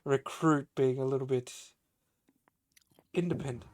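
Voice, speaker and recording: A man's voice: medium pitch, steady tone, unhurried, a little mellow, lightly acted. A man as an evasive military commander.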